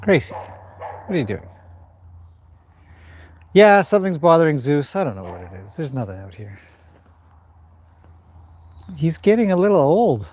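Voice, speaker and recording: With a slightly high voice at normal speed, a man offers calm commentary on a livestream as he trains a horse indoors, taking long pauses. He speaks alternately to the horse and his viewers, and the recording has no echo.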